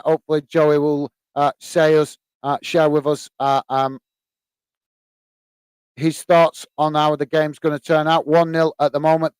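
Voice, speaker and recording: A man's voice: on the high side, smooth, dry recording. A man hosting a live football watch-along stream, chatting to viewers and giving loose play-by-play commentary with many fillers. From England. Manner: chatty, many fillers, bursts into shouts at goals. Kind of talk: live match commentary and chat.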